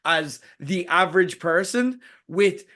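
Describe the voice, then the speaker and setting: A man's voice: high-pitched, expressive, takes it slowly, pushed and bright. A man co-hosting a podcast in casual chat, ranting with sarcasm and swearing, mocking what he dislikes. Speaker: podcast co-host.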